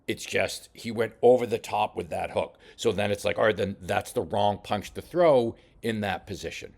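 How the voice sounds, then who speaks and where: A man coaching a boxer while reviewing fight footage, talking casually with many halting restarts. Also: lowish voice, gravelly, a little mellow. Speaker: boxing coach. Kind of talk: film study commentary.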